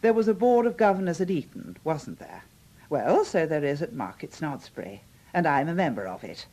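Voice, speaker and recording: A domineering, brusque older aunt in a radio comedy. Her husky, lowish voice swings dramatically up and down as she barks orders and tart insults. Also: very animated, moderate pace, mellow. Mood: commanding. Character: bossy, booming older aunt, fond but brusque.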